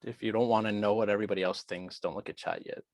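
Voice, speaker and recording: A man's voice: fairly low pitch, fairly even intonation, fast talker, a little mellow, no echo. A man lecturing on biology in an online class, working through quiz questions and thinking aloud in a chatty way.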